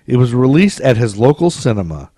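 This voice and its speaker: A man's voice: mid-range voice, sing-song, a little fast, dark tone, no echo, clean studio sound. A man co-hosting a podcast in casual banter, goofy and teasing, often laughing. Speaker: podcast co-host.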